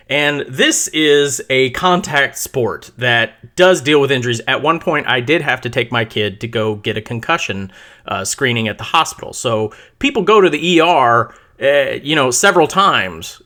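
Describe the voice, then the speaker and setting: Animated, bright-voiced male podcast host. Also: medium pitch. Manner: animated storytelling, swears freely, many restarts. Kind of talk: casual solo podcast monologue.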